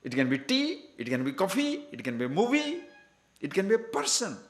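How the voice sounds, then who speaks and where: Male spiritual teacher, emphatic discourse style, animated delivery, roomy echo. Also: high voice, fairly quick. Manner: asks many rhetorical questions, emphatic. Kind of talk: scripture discourse to a class.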